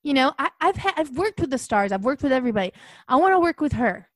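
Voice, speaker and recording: A woman's voice: sits high, very animated, quick pace, no echo, studio quality. A woman voicing a self-absorbed, erratic female Hollywood director who talks bluntly and imperiously in an improvised comedy podcast. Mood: brash. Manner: blunt, imperious, abrupt non-sequiturs. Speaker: guest.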